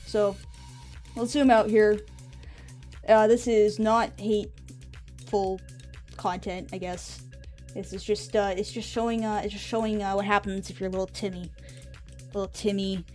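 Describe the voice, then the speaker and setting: A woman's voice: mid-range voice, flat delivery, measured pace, long pauses, a little mellow, faint music behind. A woman streamer chatting casually on a live stream, rambling and offhand with drifting asides.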